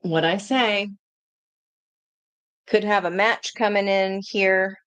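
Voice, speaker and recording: A woman's voice: mid-range voice, fairly even intonation, slow pace, fairly bright tone, clear, resonant tone, no echo. A woman giving a chatty live tarot reading, talking intuitively and laughing and exclaiming often. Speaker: tarot reader.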